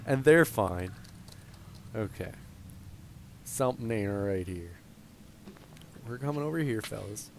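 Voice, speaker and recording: A man's voice: fairly low pitch, expressive, slow pace, vocal fry, pauses often, a little hiss or hum. A man giving casual let's play commentary on a headset, thinking aloud and chatting to the characters on screen. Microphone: gaming headset.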